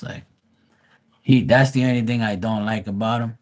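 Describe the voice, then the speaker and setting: A man's voice: fairly low pitch, moderate pace. A man chatting casually on a livestream, blunt and profane, rambling with frequent restarts. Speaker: live stream host.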